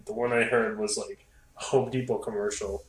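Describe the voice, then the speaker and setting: A man co-hosting a casual podcast chat, animated and quick to imitate sounds. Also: fairly low pitch. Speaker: podcast co-host. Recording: roomy with faint noise.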